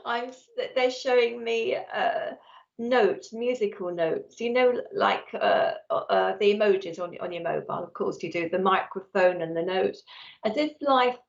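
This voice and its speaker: A woman's voice: medium pitch, measured pace, creaky, dull audio. A woman working as a psychic medium, giving a live-streamed reading and talking nonstop in an effusive, chatty way.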